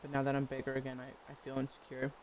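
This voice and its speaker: A woman's voice: a bass voice, completely flat delivery, quick pace, darkish tone, a little hiss or hum, poor audio. A young woman streamer chatting casually while she eats, blunt and profane, laughing easily.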